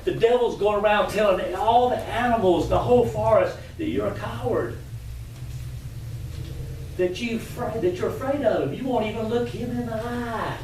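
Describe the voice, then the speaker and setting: Guy doing a sneaky trickster rabbit, sweet-talking and sly, voice pitched up, real echoey and far from the mic. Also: lively intonation, normal speed, lightly acted. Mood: coaxing. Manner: coaxing, wheedling, raised pitch. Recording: echoey room from far off, faint noise.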